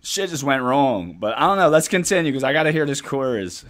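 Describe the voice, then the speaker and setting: A man's voice: mid-range voice, fairly quick. A man hosting a music reaction video, chatting casually and profanely as he reacts to a song. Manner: relaxed, profane, chatty, thinking aloud. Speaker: music reaction channel host.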